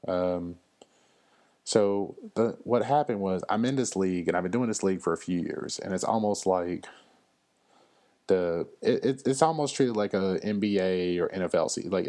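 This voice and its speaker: Telling stories in a loose, chatty solo podcast, a man in his 30s laughs often and uses plenty of fillers. He has a deep, warm voice.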